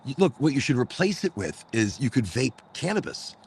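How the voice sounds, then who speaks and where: A man's voice: medium pitch, big pitch swings, moderate pace, slightly rough. A man hosting a casual chat, talking loosely and rambling with lots of swearing. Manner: loose, profane, rambling storyteller. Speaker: host.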